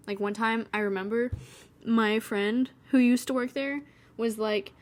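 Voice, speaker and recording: A woman's voice: fairly high pitch, steady tone, moderate pace. A woman in her twenties rambling casually through a painting vlog voice-over, chatty and wry, with sarcastic asides. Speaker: vlogger.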